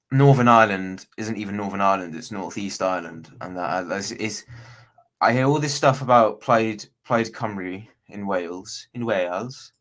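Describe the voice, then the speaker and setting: A man's voice: lowish voice, fairly bright tone. A man from Bristol, England, chatting casually as a guest on a video call livestream, rambling and slangy with many restarts. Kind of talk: casual chat.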